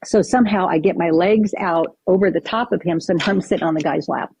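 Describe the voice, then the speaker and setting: A woman's voice: on the low side, a little fast, creaky, breathy edge, dry recording. A woman guest on a podcast, recounting a personal story vividly and acting out what people said. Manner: vivid, animated retelling with acted-out quotes.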